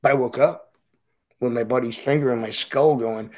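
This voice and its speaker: A man's voice: mid-range voice, normal speed, darkish tone, rough recording. A middle-aged man, speaking as a podcast guest and telling his story bluntly and profanely. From Boston. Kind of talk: candid storytelling interview.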